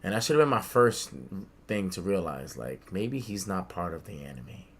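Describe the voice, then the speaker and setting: Animated young man telling stories, bright voice. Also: sits low, moderate pace. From the Bronx, New York. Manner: animated, swears a lot, acts out quotes. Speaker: podcast co-host. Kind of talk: casual storytelling among friends.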